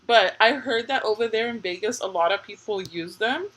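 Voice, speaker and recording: A woman in her thirties chatting on a casual live stream, telling family stories with a husky, breathy edge to her voice. She talks in a loose, rambling way, often breaking into laughter. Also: a little high, moderate pace, a bit bright, poor audio. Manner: chatty storytelling with frequent laughter. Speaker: livestream host. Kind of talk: casual chat.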